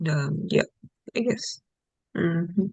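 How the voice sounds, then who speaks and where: A student in a one-on-one lesson, answering hesitantly with short replies and many soft "mm"s. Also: medium pitch, animated, very slow, creaky, dry recording. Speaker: test-prep student.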